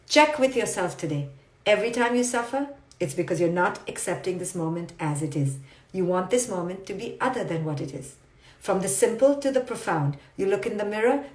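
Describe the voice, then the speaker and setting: Woman, motivational speaker, emphatic and repetitive, roomy echo. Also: medium pitch. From India. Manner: emphatic, repetitive mantras, rhetorical questions. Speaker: psychologist giving a motivational talk. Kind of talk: livestreamed motivational talk. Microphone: phone or webcam.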